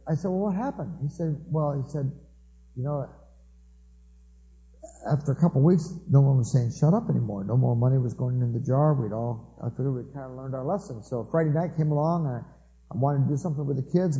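A man's voice: mid-range voice, warm tone, muffled recording. A man preaching a family sermon through anecdotes, acting out the people he quotes. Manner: storytelling, acts out quoted voices.

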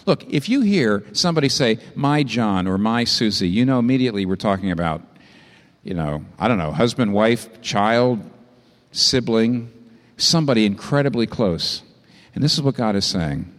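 Man preaching, lively swooping pitch, impassioned, long hall reverb. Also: moderate pace. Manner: impassioned, rising to high emphatic peaks then dropping low. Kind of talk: sermon.

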